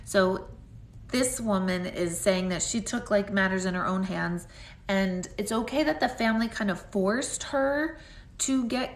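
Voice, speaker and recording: A woman gives a casual live-stream psychic reading in a mid-pitched voice, chatting and rambling with constant "like" fillers. Her voice rings with a roomy echo. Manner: chatty, rambling, heavy use of "like". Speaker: intuitive medium.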